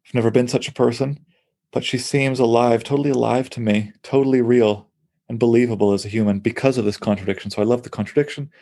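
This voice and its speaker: A man's voice: medium pitch, steady tone, fast talker, warm tone. A man, a poet, talking through poems in an enthusiastic, thinking-aloud conversational way. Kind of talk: conversational close reading of poetry.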